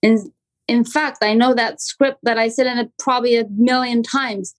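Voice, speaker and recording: A woman guest on a podcast, a real estate agent talking casually and acting out phone calls with lively intonation. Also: fairly high pitch, normal speed, poor audio. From Canada. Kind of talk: casual interview talk.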